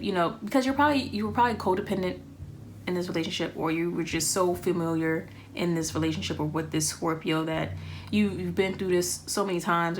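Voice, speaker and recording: A woman with a fairly low voice talks through a tarot reading in a loose, rambling way, pausing often with ums as she thinks aloud. A faint hiss sits under the recording. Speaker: tarot reader.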